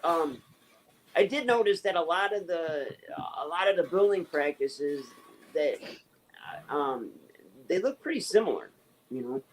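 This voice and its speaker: A man's voice: on the high side, animated, unhurried, pauses often, a little hiss or hum, rough recording. A man chatting casually in a group, rambling with many fillers and restarts. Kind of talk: casual chat.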